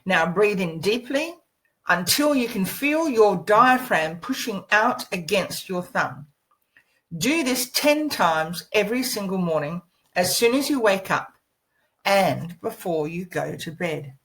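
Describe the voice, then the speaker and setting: A woman's voice: medium pitch, lively intonation, slow, a bit bright, rough recording. A woman teaching voice practice as a coach, demonstrating lines with shifting inflections and short sung scales. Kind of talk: instructional lesson.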